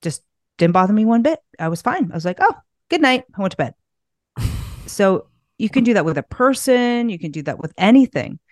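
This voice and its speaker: A woman's voice: mid-range voice, lively intonation, fairly quick, darkish tone, dry recording, clean studio sound. Candid, swearing middle-aged woman guest. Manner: candid, loose and profane, with frequent restarts. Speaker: guest, naturopathic practitioner. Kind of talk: casual interview talk.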